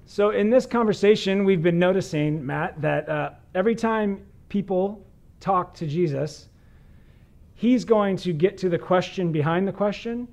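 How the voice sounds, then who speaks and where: A man's voice: high-pitched, a little slow, creaky, darkish tone. A man preaching as a pastor, reading scripture and talking through it in an earnest conversational sermon.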